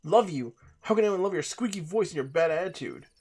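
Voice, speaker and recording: A man's voice: sits high, animated, quick pace, darkish tone, breathy edge, heavily acted. A man voicing a cocky, brash young man in a game let's play.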